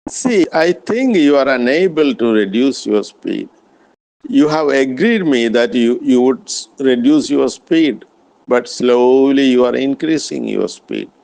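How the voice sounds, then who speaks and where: A man practicing spoken English with an AI, speaking carefully and politely with frequent pauses and restarts. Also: medium pitch, lively intonation, gravelly, darkish tone. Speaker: English learner.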